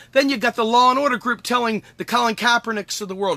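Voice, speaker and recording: A man's voice: very high-pitched, fast, creaky, hardly any pauses, pushed and bright, no room sound. A man delivering an angry, emphatic political monologue as host, swearing and repeating lines for effect. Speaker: podcast host.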